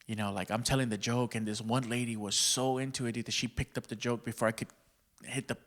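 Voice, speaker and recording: A man's voice: medium pitch, fairly even intonation, fast talker, fairly bright tone. Profane, laughing comedian guy from Texas. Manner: profane, slangy, laughs often. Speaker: stand-up comedian guest. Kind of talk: casual podcast storytelling.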